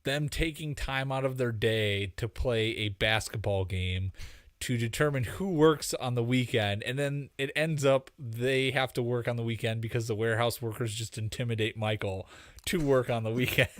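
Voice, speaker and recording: A man co-hosting a chatty podcast, his pitch sitting squarely mid-range as he rambles along and chuckles between thoughts. The sound is close and dry, with no room around it. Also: moderate pace, no room sound. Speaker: podcast co-host. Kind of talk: casual chat.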